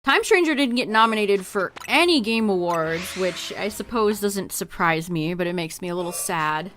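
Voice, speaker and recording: A woman's voice: mid-range voice, expressive, normal speed. Chatty woman streamer with music behind. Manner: chatty, laughs often, trails off mid-sentence. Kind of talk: casual livestream chat to viewers.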